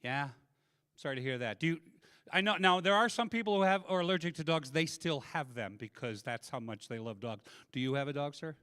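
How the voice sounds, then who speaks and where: A man runs a stand-up set, chatting with audience members and dropping deadpan punchlines. His voice is bright and sits a little high, and it is recorded dry and close on a handheld mic. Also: fairly quick, clear, resonant tone, no echo. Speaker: stand-up comedian. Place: convention comedy room.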